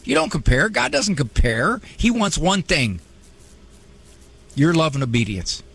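A man's voice: a little high, big pitch swings, a little slow, gravelly, a bit bright, breathy edge. A man hosting a radio advice talk show, conversational and humorous with a preachy bent.

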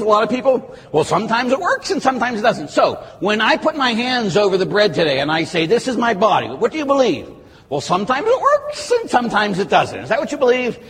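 Middle-aged man, Catholic priest, lively storytelling sermon, fairly high voice, long church echo. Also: a little hiss or hum. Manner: storytelling, emphatic with rising, exclamatory peaks. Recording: long church reverb, faint room ambience.

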